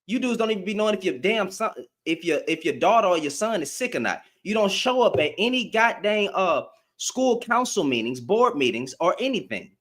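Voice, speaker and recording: A man's voice: high-pitched, big pitch swings, fairly quick, a bit bright. A man hosting a live stream, ranting back at commenters in slangy, confrontational talk and repeating lines for emphasis. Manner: addresses commenters directly, slangy.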